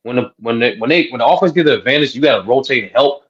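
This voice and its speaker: A relaxed man talks basketball in a casual debate, with a slangy, easygoing delivery. His voice sits at a middle pitch. It comes through a dull, muffled lo-fi mic. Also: fast. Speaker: basketball player and panelist.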